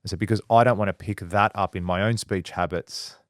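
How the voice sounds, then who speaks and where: Low-voiced man telling stories. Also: steady tone, brisk, no room sound, clean studio sound. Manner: storytelling, quotes people in dialogue. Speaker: podcast co-host. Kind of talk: casual chat.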